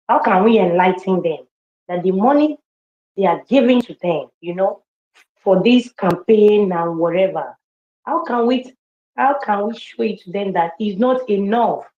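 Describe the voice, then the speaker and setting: A woman's voice: mid-range voice, darkish tone. Hesitant woman, roomy dull sound. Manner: polite, hesitant, repeats herself. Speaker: caller. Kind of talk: question from the audience in an online audio chat room.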